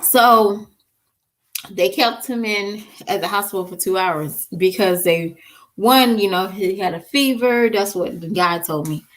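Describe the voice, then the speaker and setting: A woman in her thirties tells a story to her followers in a casual vlog. Her voice sits at a middling pitch, and her delivery is animated and chatty, full of laughs, slang and stumbling restarts. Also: unhurried. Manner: animated, laughs often, repeats and restarts words; talks straight to viewers with slang and "y'all". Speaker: mother telling a story to her viewers.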